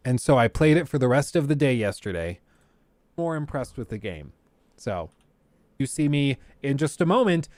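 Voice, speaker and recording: A man's voice: mid-range voice, darkish tone, no room sound. A man hosting a casual livestream, ranting bluntly and sarcastically to his chat. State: keeps choking on throat. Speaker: livestream host.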